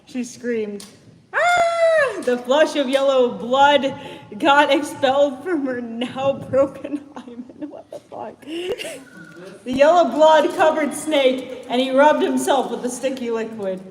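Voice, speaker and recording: Slow-reading woman in an echoey hall. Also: sits high, background noise. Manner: deadpan reading broken by laughter and asides. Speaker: panel host reading fan fiction aloud. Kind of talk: live comedic dramatic reading. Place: convention panel room before a live audience.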